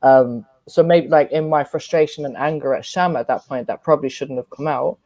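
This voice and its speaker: A woman's voice: sits low, brisk, dark tone, no echo. A woman with an Irish accent, talking earnestly at length on a casual live panel. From Ireland. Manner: earnest, explains at length with fillers.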